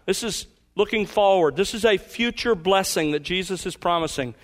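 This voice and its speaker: A man preaching as pastor, earnest, asking his listeners pointed questions and slowing down for emphasis. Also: sits high, a bit bright. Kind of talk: sermon.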